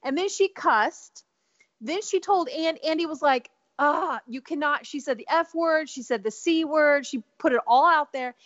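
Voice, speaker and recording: A woman co-hosting a podcast, telling a gossipy story in animated casual chat and laughing often. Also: high-pitched, moderate pace, dry recording, lo-fi sound. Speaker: podcast co-host.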